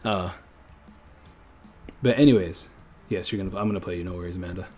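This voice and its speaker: A man's voice: low-pitched, a little fast, darkish tone, husky. A man from a French-speaking country chatting casually on a livestream, rambling and correcting himself as he goes, with frequent chuckles. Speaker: streamer.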